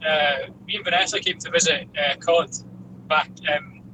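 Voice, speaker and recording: A man guesting on a podcast, rambling quickly through a story with many restarts. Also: fairly high pitch, fairly even intonation. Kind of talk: casual chat. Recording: distant mic with background noise.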